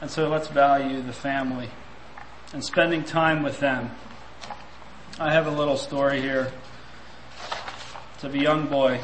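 A man's voice: mid-range voice, fairly even intonation, a little slow, pauses often, reverberant, a little hiss or hum, low-quality recording. A man preaching a sermon, reflective and full of rhetorical questions.

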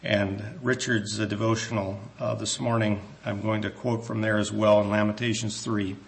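A man preaching a sermon in a church, earnest and measured, with some hesitant restarts, slowing down when he reads scripture. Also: fairly low pitch, level tone, gravelly, a little hiss or hum.

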